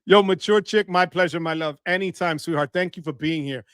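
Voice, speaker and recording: A Bronx, New York man hosts a relaxed livestream, calling out viewers by name from the chat and laughing a lot. His voice is a little high, brisk, somewhat bright and smooth, captured in clean studio sound without echo.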